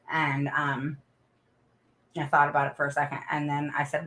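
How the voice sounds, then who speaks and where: A woman's voice: sits low, steady tone, a little slow, pauses often, a bit bright. A middle-aged woman chatting casually with viewers on a livestream, telling family stories and laughing often. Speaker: autism parent advocate livestream host.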